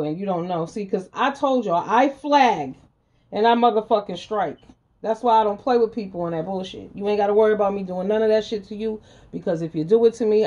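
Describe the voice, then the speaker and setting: This ranting commentary vlog features a female channel host scolding her audience with profanity and confrontation, hammering points home by repeating lines. Her voice is medium-pitched and darkish, and the recording sounds dull.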